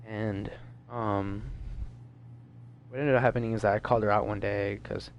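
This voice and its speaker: Young man, gravelly, low-pitched, rambling casual storytime, swears a lot, faint background noise. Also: flat delivery, moderate pace, highs cut off. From Washington DC metro area, US. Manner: rambling, profane, filler-heavy. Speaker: gaming vlogger.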